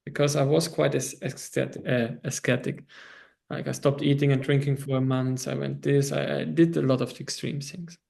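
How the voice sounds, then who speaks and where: A man who teaches self-development seminars, reflecting in short, measured phrases during a casual online conversation over a video call. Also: mid-range voice, flat delivery, creaky, a little mellow.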